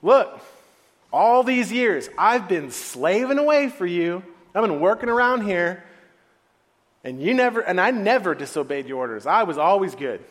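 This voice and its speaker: A man's voice: fairly high pitch, big pitch swings, unhurried, pauses often. A man playing a resentful, dutiful older brother who rants indignantly about his unfair treatment, in an echoey hall. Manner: indignant, whiny ranting.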